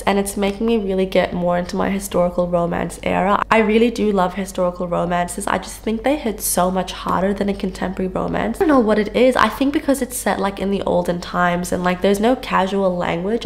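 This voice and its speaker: A young woman in her late twenties chats about her recent reads in a casual, gushing way, her talk full of "like" fillers. Her voice sits at an ordinary pitch for a woman. She speaks indoors at home into a small on-camera microphone. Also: creaky, a little mellow. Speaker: book vlogger. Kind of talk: casual book review chat. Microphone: on-camera shotgun mic.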